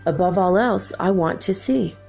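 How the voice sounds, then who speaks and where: A woman hosting a spiritual podcast, reading lines slowly and deliberately, repeating each one. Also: mid-range voice, vocal fry, warm tone, faint music behind. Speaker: podcast host.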